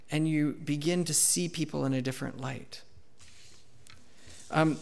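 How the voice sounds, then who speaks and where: Man, pastor, sermon, candid storytelling, loud acted outbursts, fairly high voice. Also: clean tone. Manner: candid storytelling, acts out his own outbursts loudly.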